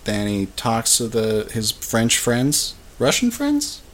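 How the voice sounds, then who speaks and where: A man's voice: medium pitch, wildly swooping pitch, slow pace. A young man co-hosting a podcast, rambling and joking through a casual movie recap with lots of fillers. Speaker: podcast co-host. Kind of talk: casual chat recapping a film. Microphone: podcast mic.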